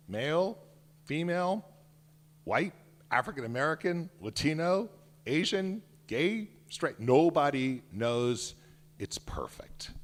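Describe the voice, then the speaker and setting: A man in his sixties, a children's book author, giving an animated talk and reading his picture book aloud with emphasis. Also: on the high side. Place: synagogue hall. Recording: echoey hall reverb.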